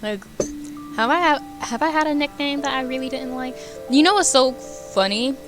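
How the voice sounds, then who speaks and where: Young woman, casual stream chat, giggly, rambling, soft music behind. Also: high-pitched, normal speed. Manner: chatty, animated, giggly, rambling.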